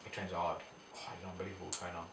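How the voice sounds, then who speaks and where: Young boxer, low-key slangy chat, echoey room, distant mic. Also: male voice, monotone, very fast, background noise. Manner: laid-back slangy banter. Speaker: professional boxer guest. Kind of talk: casual chat.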